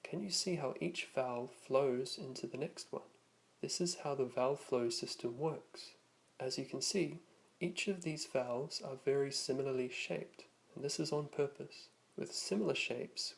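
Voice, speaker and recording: Gravelly-voiced man teaching vowel sounds. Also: medium pitch. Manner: slow, careful demonstration of vowel sounds. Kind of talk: scripted lesson narration.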